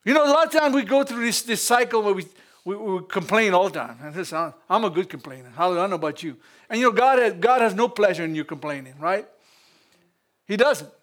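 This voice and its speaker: High-voiced Louisiana preacher. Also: male voice, fast talker. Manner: lively preaching with frequent laughs and call-outs to the congregation. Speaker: pastor. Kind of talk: sermon.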